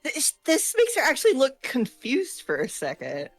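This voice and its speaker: A woman's voice: high-pitched, wildly swooping pitch, normal speed, no room sound, soft background music. A woman player who casually explains her character's actions and lines, with amusement. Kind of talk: casual tabletop game chat.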